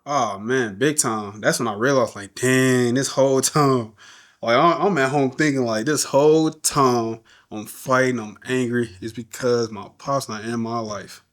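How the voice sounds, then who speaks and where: Animated man telling a story. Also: medium pitch, normal speed, few pauses. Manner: animated, acts out quoted voices. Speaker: podcast guest. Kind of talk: casual storytelling interview.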